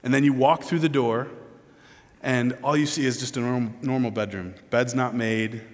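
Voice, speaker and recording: A man's voice: fairly even intonation, normal speed. Earnest male preacher in a reverberant hall. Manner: earnest preaching, swings from soft and low to loud and pleading. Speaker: pastor. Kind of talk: sermon. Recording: long reverb of a large hall.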